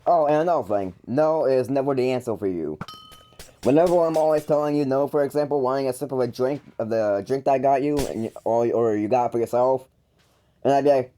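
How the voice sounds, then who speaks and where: Calling out his older brother on camera, this YouTuber rambles with frequent stumbles and restarts, his tone mocking and exasperated. He speaks fairly quickly in a mid-range, dark-toned voice.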